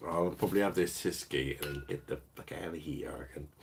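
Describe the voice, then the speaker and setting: A man's voice: low voice, gravelly, slight background noise. A man hosting a live beer-review stream, chatting casually and swearing as he reads viewers' messages. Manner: sweary, rambling, reads out chat.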